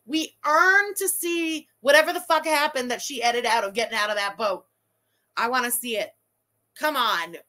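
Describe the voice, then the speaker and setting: Casting: young adult woman, high, bright, swearing, animated livestream host. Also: normal speed. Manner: profane, animated, ranting. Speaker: livestream host reading super chats. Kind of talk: casual livestream chat.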